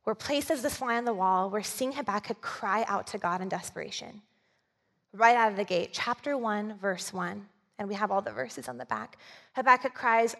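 A woman's voice: mid-range voice, normal speed, a bit bright, big-room sound. A woman preacher giving a sermon in a church, conversational and often asking the audience to agree with her. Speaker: communications director, preacher.

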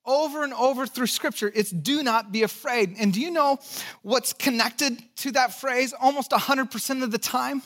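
High-voiced pastor preaching a sermon. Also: male voice, measured pace, a bit bright. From California, United States. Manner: earnest, storytelling, with dry jokes.

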